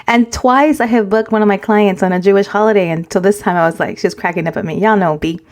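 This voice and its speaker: A woman in her forties co-hosting a casual podcast chat, telling animated stories and slipping Spanish words into her English. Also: medium pitch, fast talker. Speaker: podcast co-host.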